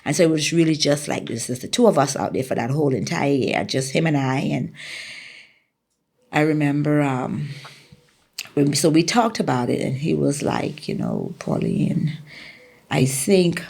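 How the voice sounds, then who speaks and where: A woman's voice: sits low, moderate pace, creaky, darkish tone, slightly rough. A middle-aged woman from the Bahamas with a Bahamian accent, a former track athlete telling her story in an interview, acting out quotes animatedly.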